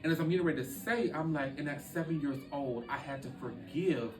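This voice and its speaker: Man, emotional personal storytelling, earnest and halting, distant mic, roomy sound, music behind. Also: fairly high pitch. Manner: earnest, halting, with repeated restarts. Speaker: podcast guest.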